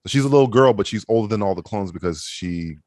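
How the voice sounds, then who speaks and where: A man's voice: lowish voice, fast. A man co-hosting a podcast in casual chat, rambling and swearing as he recaps shows. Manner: rambling, animated, swears a lot. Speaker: podcast co-host.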